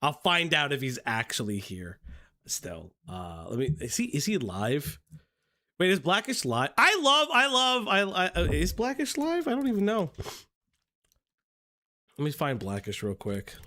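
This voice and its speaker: A man hosting a live-stream drama commentary in a casual, profane way, with restarts and a voice going hoarse. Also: on the high side, huge pitch swings, a little slow, bright, forceful tone. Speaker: streamer host.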